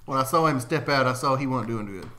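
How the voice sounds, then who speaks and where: A man playing a tabletop game, chatting in a relaxed, joking way as his turn comes up. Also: medium pitch, fast talker. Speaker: player. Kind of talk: casual play chat.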